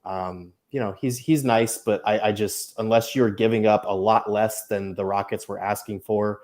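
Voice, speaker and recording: A man co-hosting a sports podcast in a joking way, quick with a wisecrack. His voice sits low, with a relaxed, offhand delivery. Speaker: podcast co-host. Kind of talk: casual sports podcast chat.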